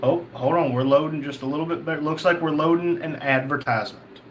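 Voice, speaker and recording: A man talks easily as he hosts a live stream, reading off viewer names and messages. His voice sits a bit high for a man, and he answers each comment in a loose, friendly chat. A faint noise runs under the recording. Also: a little fast. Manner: reads chat names aloud, chatty and easygoing. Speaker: livestream host reading chat.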